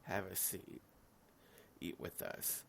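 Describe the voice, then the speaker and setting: A sleepy, yawning young man who hosts a gaming channel reads every line of a visual novel aloud in his own voice, adding casual asides. He speaks slowly in a slightly bright tone.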